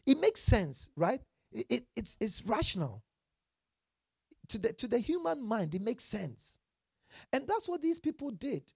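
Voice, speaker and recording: A preacher giving a sermon with Bible reading, asking the congregation questions and answering them, and building to emphatic loud passages. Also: medium pitch, very animated, a little slow, vocal fry, breathy edge, no echo, studio quality.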